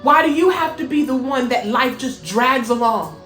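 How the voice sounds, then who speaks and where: A woman's voice: sits high, lively intonation, normal speed, a bit bright. A woman hosting a motivational spiritual talk, earnest and emphatic with repeated phrases. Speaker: host. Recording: echoey room, faint music.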